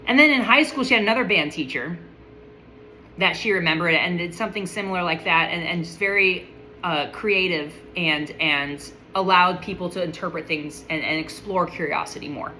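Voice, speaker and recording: A woman's voice: fairly low pitch, normal speed, bright, forceful tone, slight background noise, poor audio. A woman speaking in a casual, enthusiastic monologue, full of admiration and often restarting her sentences.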